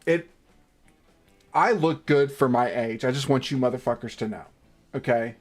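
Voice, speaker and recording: A man's voice: medium pitch, moderate pace, soft background music. A man hosting a gaming livestream, reading game text aloud between profane, self-mocking banter and exasperated outbursts.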